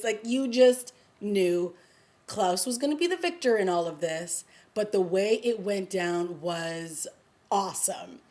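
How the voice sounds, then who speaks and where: A woman recapping a TV episode in a casual vlog, excited and gushing, with lots of fillers, acting out the characters' lines. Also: moderate pace. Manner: acts out quoted lines with raised pitch. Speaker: TV review vlogger.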